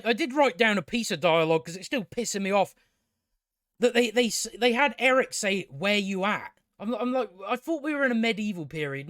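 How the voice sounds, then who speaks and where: A man's voice: high-pitched, a bit bright, no echo, clean studio sound. A man reviewing a TV episode in a rambling casual recap, sarcastic and profane, stumbling over restarts. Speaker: video reviewer.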